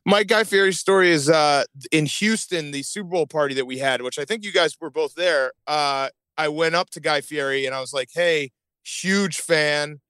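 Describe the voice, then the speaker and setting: Eager man with a slightly high voice. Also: moderate pace, pushed and bright, clean tone, no echo. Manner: eager, emphatic, repeats himself for emphasis. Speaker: podcast guest. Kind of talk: casual chat.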